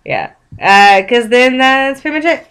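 A woman's voice: sits high, animated, unhurried, fairly bright tone, clean tone. Giggly woman reading aloud. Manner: giggly, filler-heavy. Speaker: podcast co-host reading a story aloud. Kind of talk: casual chat and reading aloud.

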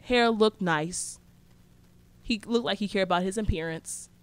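A woman's voice: medium pitch, a little slow, smooth. A young woman telling a story in casual, slangy speech, blunt and sarcastic.

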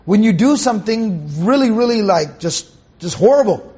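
A man's voice: high-pitched, lively intonation, moderate pace, dark tone, husky, muffled recording. A man teaching a Quran commentary lecture to students in a conversational way, repeating phrases, asking rhetorical questions and reciting Arabic verses.

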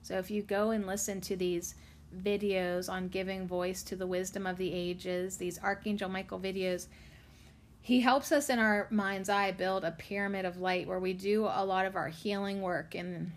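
A woman's voice: mid-range voice, flat delivery, normal speed. A woman hosting a spiritual podcast, talking candidly and emotionally, with a loose, swearing, chatty manner. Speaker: podcast host. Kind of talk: casual spiritual chat.

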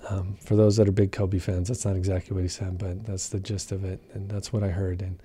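A man's voice: sits low, flat delivery, brisk, mellow, husky. A man speaking candidly about his own recovery, raw and heavily profane, rambling and repeating himself for emphasis. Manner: rambling, repeats and restarts phrases. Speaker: motivational speaker sharing his recovery story. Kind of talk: candid personal monologue.

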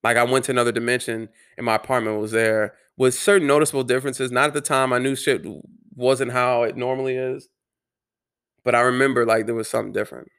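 A man earnestly telling a personal story to camera, halting and restarting his words, with some swearing. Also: mid-range voice, little pitch movement, a bit bright, smooth. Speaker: vlogger.

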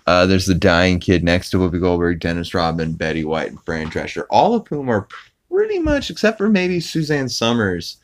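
A man's voice: low-pitched, sing-song, normal speed, no echo. A man hosting a podcast, casually retelling a cartoon episode with plenty of fillers and chuckles. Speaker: podcast host.

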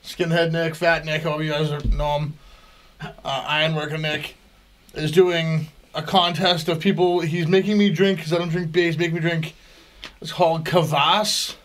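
High-voiced man riffing crude jokes. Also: moderate pace. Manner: crude, joking, animated riffing. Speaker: podcast co-host. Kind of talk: casual chat.

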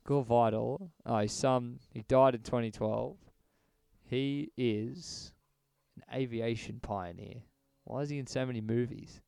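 A man co-hosting a podcast in casual, joking chat, animated and loose with swearing. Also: mid-range voice, unhurried, creaky, clear, resonant tone, dry recording. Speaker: podcast co-host.

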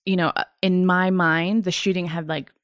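A woman in her thirties, an interview guest giving a personal account in a halting, earnest way, with frequent pauses, fillers and restarts. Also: on the low side, flat delivery, no room sound, clean studio sound. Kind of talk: personal testimony in a sit-down interview.

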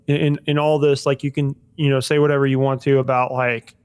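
A man's voice: mid-range voice, level tone, a little fast, darkish tone, clean tone. A man hosting a casual podcast chat, rambling with lots of fillers and swearing. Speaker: podcast host.

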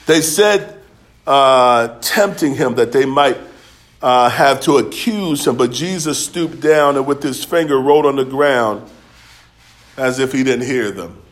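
A man's voice: medium pitch, slow. A man preaching a sermon, telling stories in a loose, conversational way with laughs along the way. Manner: storytelling, conversational, with dialect and laughs.

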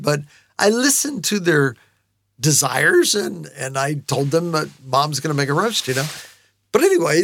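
A middle-aged male pastor telling a story in a sermon, acting out voices and shouting lines for effect. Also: fairly high pitch, normal speed, no echo, clean studio sound. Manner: animated storyteller, acts out his kids' chants and shouts.

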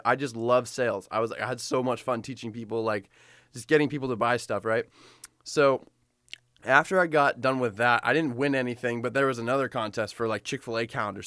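A man's voice: medium pitch, dry recording. Chatty young man, dry close sound. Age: young adult. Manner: fast, animated, full of fillers and restarts. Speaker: photographer telling his story. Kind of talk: casual personal storytelling.

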